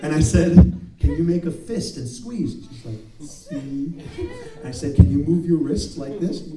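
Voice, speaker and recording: A man's voice: fairly high pitch, unhurried, over music. A man performing a live spoken word story in a club, self-mocking and acting out the dialogue. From United States. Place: club stage before an audience. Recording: roomy live club sound from a distance.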